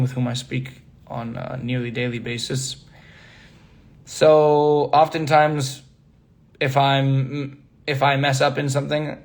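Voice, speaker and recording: A man's voice: medium pitch, creaky. A young man in his twenties on a phone livestream, chatting casually and answering viewer questions, switching languages and laughing often. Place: indoors, working away from home.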